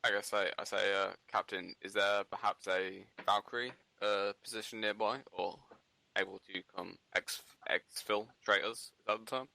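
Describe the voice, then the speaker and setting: A man playing a tabletop game, speaking in a hesitant, halting way. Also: lowish voice, steady tone, gravelly, sharp tone, no room sound, rough recording. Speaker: player. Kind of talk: casual tabletop game play.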